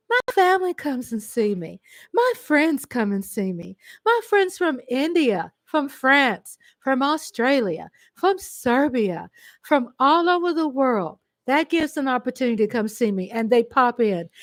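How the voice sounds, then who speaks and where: A grandmother from Texas, chatting effusively on her live stream and breaking into excited squeals. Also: on the high side, no echo. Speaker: livestream host. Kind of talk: casual live-stream chat.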